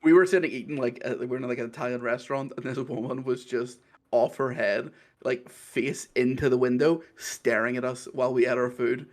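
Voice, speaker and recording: A man's voice: medium pitch, steady tone, fairly quick. Laughing Northern Irish man. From Northern Ireland. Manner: laughs often, rambling storyteller. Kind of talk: casual chat.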